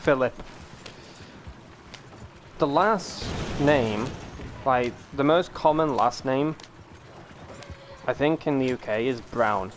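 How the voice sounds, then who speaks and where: A young British man rambles casually to his viewers while streaming a game. His mid-range voice is slow, with long pauses, and there's a faint hiss or hum in the audio.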